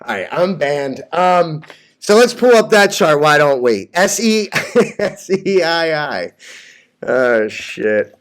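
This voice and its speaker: A young man talks in a cocky, brash vlog rant about trading. His voice sits high for a man. He jokes loosely and laughs at his own lines. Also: very animated, takes it slowly. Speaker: stock vlogger.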